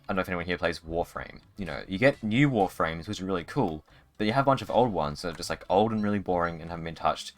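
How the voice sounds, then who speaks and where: A man's voice: deep voice, a bit bright. A man streaming a video game live, chatting casually in a rambling way with many restarts. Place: home streaming setup.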